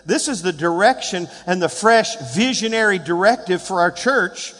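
A man in his sixties preaching a sermon as pastor, building to shouted calls and leading call-and-response with the congregation. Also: high-pitched, normal speed, long reverb tail. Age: 60s. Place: church sanctuary.

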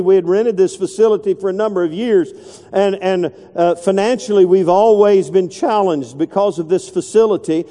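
A middle-aged man, telling a folksy story in a sermon and dropping his voice low when he quotes people. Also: warm tone. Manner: folksy, repetitive, drops voice low when quoting. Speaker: pastor. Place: large church sanctuary. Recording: long echo of a big hall.

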